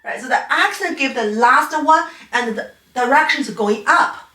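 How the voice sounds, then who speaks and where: A woman with a high, expressive, bright voice speaks at a normal pace with a forceful tone, sitting far from the mic. She is a piano teacher whose first language is Chinese, patiently explaining playing technique in an online lecture with non-native phrasing. The room is echoey and her voice is a bit off-mic.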